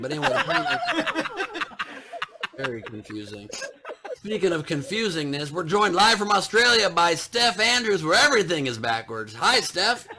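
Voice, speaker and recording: Hosting a comedy podcast over a video call, a man with a fairly high voice trades casual comedic banter, teasing and introducing guests with jokes. There's background noise in the recording.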